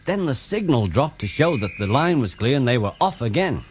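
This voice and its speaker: A man's voice: medium pitch, a little fast, slight background noise. A man narrating a children's railway storybook. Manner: lively, expressive storytelling. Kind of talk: storybook reading. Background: music.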